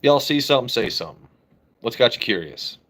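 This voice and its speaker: A man's voice: medium pitch, animated, fairly quick, fairly bright tone. A man hosting a casual live stream, reading comments aloud, joking brashly and swearing freely. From United States. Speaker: livestream host.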